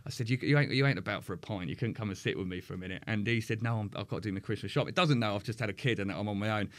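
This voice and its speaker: A man, a podcast guest, talking candidly and swearing freely, often restarting his sentences. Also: on the low side. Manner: frank, sweary, halting with restarts.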